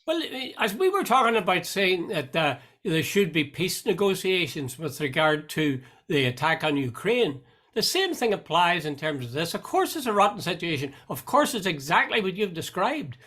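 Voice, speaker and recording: Man, host, measured delivery, reflective, voice dropping at the ends of thoughts. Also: high-pitched, sing-song, bright, forceful tone. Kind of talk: casual chat.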